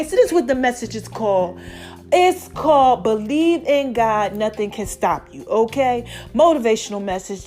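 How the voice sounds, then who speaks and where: A middle-aged woman hosting her own podcast, talking to listeners in an animated, chatty way. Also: sits high. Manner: animated, chatty, calls listeners y'all and baby. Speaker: podcast host. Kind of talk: casual podcast monologue.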